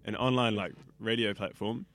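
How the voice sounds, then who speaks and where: A man's voice: fairly low pitch, steady tone, normal speed, fairly bright tone. Chatty young New Zealand man. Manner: chatty, rambling, says like a lot. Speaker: radio student. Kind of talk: casual interview.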